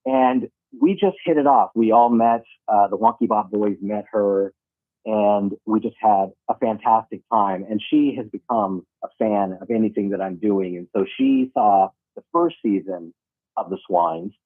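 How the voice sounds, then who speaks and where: A man joins a radio interview by phone as the guest, an animation creator who talks with eager enthusiasm, rambling and laughing along the way. His voice is fairly low. The phone line thins his voice into a tinny, narrow band, and the sound is dry, with no room around it. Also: measured pace, dry recording. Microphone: phone call.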